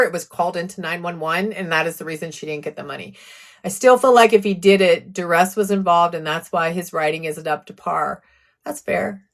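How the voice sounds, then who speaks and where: A woman's voice: on the low side, a bit bright. A woman hosting a live true crime stream, chatting casually about a court case and answering viewer comments with sarcastic asides.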